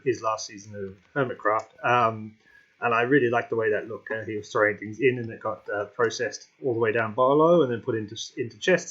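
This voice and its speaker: A man's voice: medium pitch, fairly bright tone. Rambling man, hiccuping, dull audio. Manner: rambling, thinks aloud with many fillers. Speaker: gameplay commentator. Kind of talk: casual gameplay commentary.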